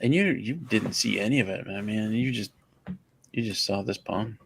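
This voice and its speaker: A man's voice: on the low side, moderate pace, creaky, noisy background. A man chatting casually with a livestream host and trading teasing, jokey banter. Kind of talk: casual chat.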